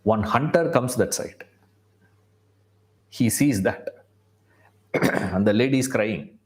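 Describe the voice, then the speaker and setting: A man's voice: fairly low pitch, slow, long pauses, darkish tone. A man, a spiritual teacher telling a story conversationally, often checking in with listeners. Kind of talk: storytelling talk.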